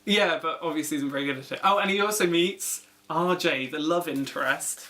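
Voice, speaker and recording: A man co-hosting a comedy film review show, joking through the plot in a deadpan way. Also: fairly high pitch, brisk. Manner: deadpan, jokey.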